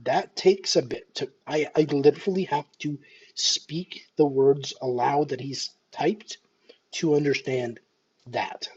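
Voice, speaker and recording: A man's voice: fairly high pitch, steady tone, slow, darkish tone, breathy edge. A man in his thirties from Canada with a faint Scottish lilt, vlogging in a hesitant, self-deprecating way with many restarts. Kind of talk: casual nervous vlog monologue. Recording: dull lo-fi home recording.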